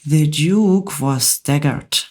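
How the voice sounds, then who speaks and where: Soft-spoken woman, whispered storytelling. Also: low-pitched, extremely slow. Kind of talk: whispered role-play.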